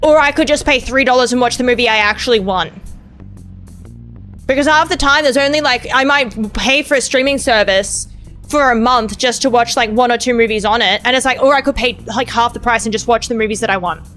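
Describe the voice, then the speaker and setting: Bright-voiced rambling woman streamer. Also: on the high side, brisk, faint music behind. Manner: rambling, profane, self-mocking. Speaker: VTuber streamer. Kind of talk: casual gameplay stream chat.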